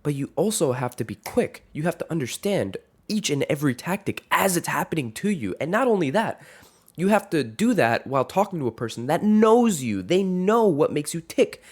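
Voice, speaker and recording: A man's voice: fairly high pitch, very animated, moderate pace. A man in his twenties giving an earnest, rambling vlog rant to camera, with frequent restarts. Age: 20s. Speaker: vlogger.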